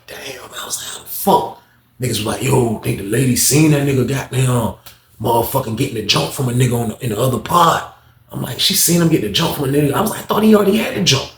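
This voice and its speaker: A man telling a prison story in casual, animated fashion, acting out everyone's voices with heavy slang. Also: mid-range voice, echoey room, a little hiss or hum.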